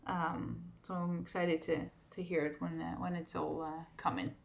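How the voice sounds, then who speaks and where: A woman singer hosting a casual livestream for her fans, chatting easily, laughing often and filling pauses with ums. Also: lowish voice, vocal fry. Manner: relaxed and chatty, laughs often, many fillers. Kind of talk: casual livestream chat reading viewer comments. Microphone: streaming setup at a desk.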